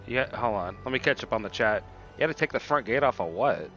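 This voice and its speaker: A man's voice: mid-range voice, lively intonation, fast, a bit bright, soft background music. Rambling, profane male game streamer. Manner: rambling, profane, self-interrupting. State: tipsy from drinking. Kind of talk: casual gameplay commentary.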